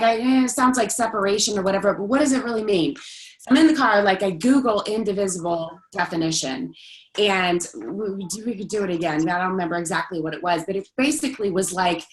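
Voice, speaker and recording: Casting note: woman, mid-pitched voice, rambling and conversational, sharing a story with the group. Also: fairly quick, roomy sound, rough recording. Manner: rambling storyteller, many likes and restarts. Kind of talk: casual group discussion.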